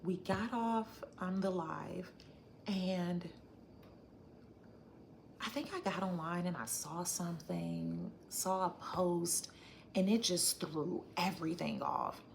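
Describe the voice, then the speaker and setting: A woman chats through a livestream, reading out her viewers' comments and thinking aloud about them. Her voice sits a little low and carries a gravelly edge, with a faint hum of noise behind her. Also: takes it slowly. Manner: chatty, reflective, thinks aloud with restarts. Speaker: livestream host. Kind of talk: casual live chat reading viewer comments.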